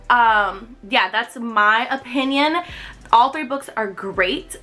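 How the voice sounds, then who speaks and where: A woman in her twenties chatting excitedly to camera about books she loves, with lots of fillers. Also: fairly high pitch, low-quality recording. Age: 20s. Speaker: book vlogger. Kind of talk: casual chat to camera.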